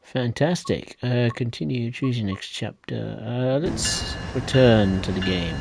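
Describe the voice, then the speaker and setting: A man streaming a train simulator game live, chatting in a relaxed way and thinking aloud as he drives. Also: mid-range voice, measured pace, creaky, hardly any pauses. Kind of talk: live gameplay commentary. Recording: game train noise behind.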